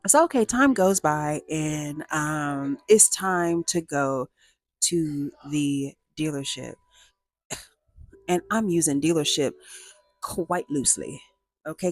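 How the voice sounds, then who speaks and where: Casting: chatty young woman storyteller, low voice, dry close-mic sound. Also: slow, dry recording. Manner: animated, chatty, slangy asides to listeners. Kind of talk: casual storytime.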